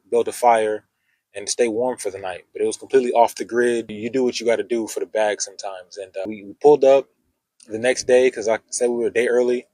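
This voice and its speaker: Brash, husky man telling a story. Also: medium pitch, dry recording, low-quality recording. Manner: brash, swearing, animated retelling with acted quotes. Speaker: vlogger. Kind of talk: casual storytelling to camera.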